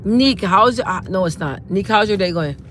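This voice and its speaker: Animated woman venting to live-stream viewers from a car. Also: moderate pace. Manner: animated, venting, with sudden jumps in pitch. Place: in a car while driving. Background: faint car noise.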